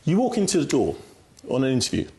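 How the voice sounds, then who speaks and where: A man's voice: medium pitch, wildly swooping pitch, quick pace, dark tone. A man explaining communication skills as a guest on a talk show, emphatic and instructive, often checking in with "right?". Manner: instructive, emphatic, frequent "right?" tag questions.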